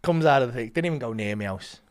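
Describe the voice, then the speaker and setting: A man's voice: medium pitch, expressive, quick pace. A young man telling a comic story as a podcast guest, swearing, laughing and acting out the other voices.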